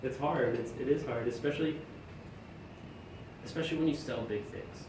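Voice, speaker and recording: A man chatting casually at a meetup, telling stories about selling his paintings with lively quoted voices and frequent laughs. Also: mid-range voice, moderate pace, noisy background. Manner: animated, acts out quoted customers, laughs often. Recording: echoey room, far from mic, music behind.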